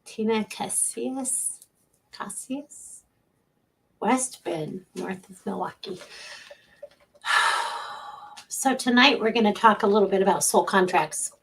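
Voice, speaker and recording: A woman's voice: medium pitch, a little slow, gravelly, pauses often, a bit bright, a little hiss or hum. A middle-aged woman hosting a casual livestream as a psychic medium, chatting from home, greeting viewers by name and laughing often.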